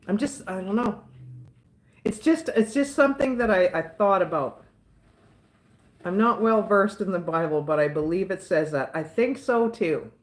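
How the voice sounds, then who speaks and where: A woman's voice: medium pitch, lively intonation, normal speed. A woman with a Southern US accent chatting casually with her live viewers, outspoken and rambling, often repeating herself. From Southern United States. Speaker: livestream host answering chat.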